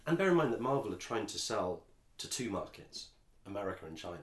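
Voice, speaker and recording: A man's voice: lowish voice, very animated, fast, reverberant. An English man co-hosting a podcast, chatting casually and rambling with frequent restarts. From England. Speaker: podcast co-host. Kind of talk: casual chat.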